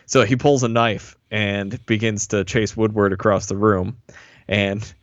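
A man recapping an episode in casual chat, relaxed and laughing often, mildly critical. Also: on the low side, unhurried, lo-fi sound, background noise. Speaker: podcast co-host recapping an episode.

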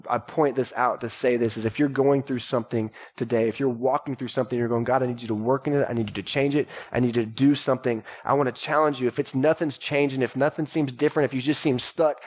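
A man in his thirties from Texas, a pastor preaching a lively sermon to a congregation and calling out to them. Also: mid-range voice, fast, hardly any pauses. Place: church sanctuary before a congregation. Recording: live church recording.

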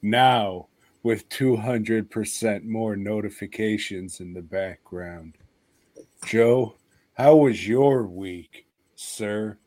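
A man hosts a laid-back podcast chat in an unhurried drawl. His voice sits close and dry, with no room sound around it. He is wry and profane, and he slips into mimicry of people he has dealt with. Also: lowish voice, a little mellow, dry recording. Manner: wry, swears freely, mimics people on the phone. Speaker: podcast host.

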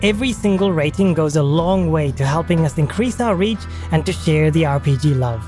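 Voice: mid-range voice, expressive, a little fast, music in the background. A podcast game master narrating a tabletop adventure in a casual, descriptive way.

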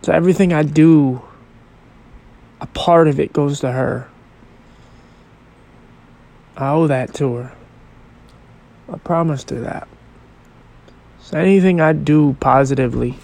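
A man hosting a podcast episode, telling a personal story in a halting, reflective and emotional way. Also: a little high, vocal fry, darkish tone. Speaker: podcast host.

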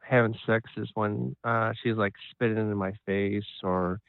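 A man's voice: lowish voice, fairly even intonation, measured pace, vocal fry, clean tone, no echo. A hesitant male caller who stammers and restarts often. His voice comes through a thin, tinny phone line with a dry sound. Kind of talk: phone call-in.

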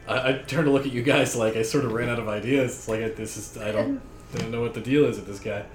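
A man's voice: medium pitch, steady tone, fast talker, reverberant, soft background music. A man speaking as a player in a tabletop game, dry and laughing at times.

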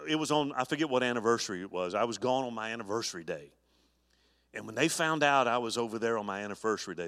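Middle-aged man, pastor, earnest sermon, halting restarts, mid pitch, long church reverb. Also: a bit bright. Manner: earnest preaching with many restarts. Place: church sanctuary.

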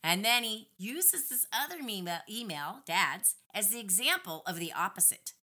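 Brief: middle-aged woman guest, very bright, forceful voice, animated and indignant storytelling. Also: medium pitch, normal speed. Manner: animated, indignant retelling with lively acted-out quotes. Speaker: podcast guest. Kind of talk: casual storytelling conversation.

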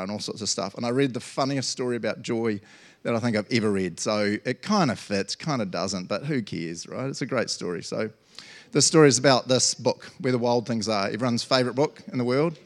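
Casual New man preaching, medium pitch, playful and chatty, throws in loud acted-out lines. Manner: playful and chatty, acts out quotes with sudden loud jumps. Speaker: pastor. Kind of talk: casual sermon.

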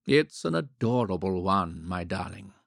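A man reading the part of a pompous middle-aged gentleman who talks gruffly and blusters, in a low, gravelly voice. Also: lively intonation, a little slow, no room sound, studio quality, exaggerated voice. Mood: earnest.

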